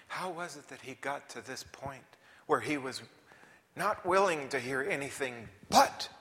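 A male preacher giving a sermon, swinging between shouted emphasis and hushed whispers. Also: mid-range voice, slight background noise. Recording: reverberant hall.

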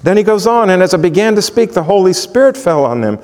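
A man's voice: high voice, very animated, fast talker, darkish tone. A man teaching a Bible sermon, walking listeners through verses and asking the congregation rhetorical questions. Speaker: pastor. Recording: long hall reverb.

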